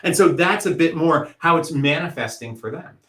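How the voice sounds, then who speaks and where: A man presenting an educational workshop, explaining things in a steady way and using vivid analogies. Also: on the high side, normal speed. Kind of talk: educational talk. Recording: echoey room.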